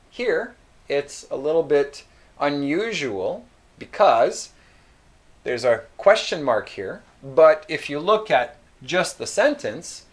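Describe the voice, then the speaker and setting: A man teaching English, explaining phrases slowly and repeating example sentences. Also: fairly high pitch. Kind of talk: slow explanatory English lesson.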